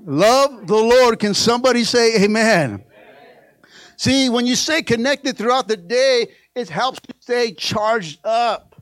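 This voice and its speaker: A man preaching a sermon, playful, calling on the congregation to answer, acting out quoted prayers and dialogue, and dropping to soft asides. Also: very high-pitched, lively intonation, slow, dry recording. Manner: playful, call-and-response preaching. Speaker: pastor.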